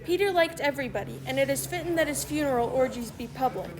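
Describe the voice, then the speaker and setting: A woman's voice: high voice, lively intonation, fast talker, crowd noise. Woman reading as a pompous old con man. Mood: smug. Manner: long-winded, self-pleased speechifying. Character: pompous older male con man posing as a preacher.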